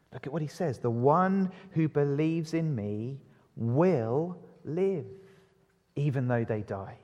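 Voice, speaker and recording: Male preacher, fairly high voice, evening sermon, lots of rhetorical questions, long reverb. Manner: asks the congregation rhetorical questions; lively, varies pace and loudness for emphasis. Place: church. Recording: long reverb of a church hall.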